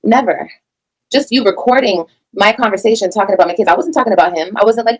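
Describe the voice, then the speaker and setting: A woman's voice: medium pitch, fast, breathy edge, rough recording. A woman reacting to a recording, blunt, profane and emphatic in her commentary. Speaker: reaction streamer.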